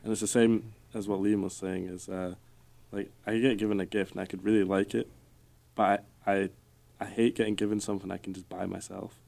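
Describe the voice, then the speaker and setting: A man chatting as a podcast guest in a relaxed, plainspoken way. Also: fairly low pitch, a little fast, vocal fry. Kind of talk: casual chat.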